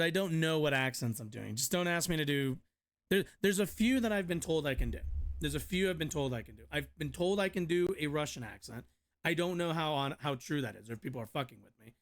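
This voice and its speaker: A man's voice: on the high side, expressive, a little fast, a bit bright. A man streamer ranting in a casual, blunt and profane way, rambling with restarts. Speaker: streamer reading and reacting to a news article. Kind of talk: casual rant commentary.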